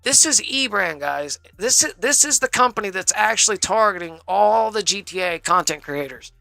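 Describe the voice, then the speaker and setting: A man's voice: high voice, expressive, moderate pace, vocal fry, sharp tone, no room sound, soft background music. A man rambling through a casual, profane story on a live stream, saying "bro" constantly.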